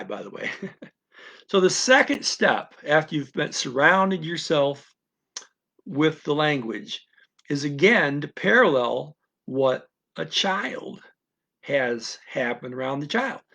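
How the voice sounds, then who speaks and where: A man's voice: on the high side, sing-song, a little slow, vocal fry, long pauses, bright, forceful tone, breathy edge. A man teaching about learning a language, talking unscripted in a rambling, repetitive way, with restarts, asides and little acted-out snippets of a parent or a baby's mind. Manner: acts out what a parent or a baby's mind says. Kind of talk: unscripted explanatory talk.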